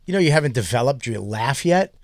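A man of middle pitch hosts a comedy podcast, self-deprecating and often laughing at himself. The recording is close and dry. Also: animated, fast, dry recording. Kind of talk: casual comedy podcast banter.

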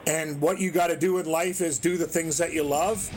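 Male co-host, high voice, earnest, repeats himself, sports radio chat. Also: steady tone, moderate pace, faint music behind, rough recording. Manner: earnest, praising, repeats phrases.

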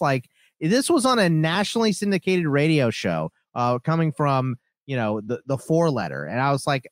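A man's voice: mid-range voice, normal speed, no echo, studio quality. A man hosting a sports talk show, joking and laughing with his co-host in casual banter. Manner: joking, animated, laughs often.

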